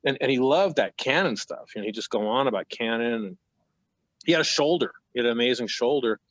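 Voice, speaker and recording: A man in his fifties, a painter speaking on a panel, tells a story with plenty of restarts and asides. His voice sits at an ordinary pitch. The sound is dry and a little muffled, like a video call. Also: animated, brisk, a bit bright, no echo. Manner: rambling, self-interrupting storyteller. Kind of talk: casual panel talk.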